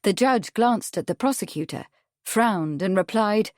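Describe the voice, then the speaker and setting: A woman with a mid-range voice narrates an audiobook in a measured, even reading of scripted text. The recording is dry, with clean studio sound.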